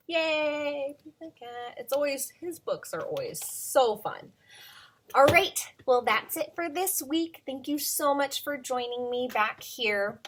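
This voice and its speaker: A woman's voice: high-pitched, moderate pace, husky. A woman preschool teacher reading a children's story aloud and inviting the kids to join in. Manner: animated, coaxing children to join in.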